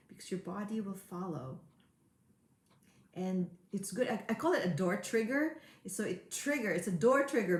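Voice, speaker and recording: A woman coach talks through a motivational webinar in an earnest, steady way, repeating key words to drive them home. Her voice sits at a middle pitch. The sound carries a noticeable room echo. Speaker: high performance coach. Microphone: webinar mic.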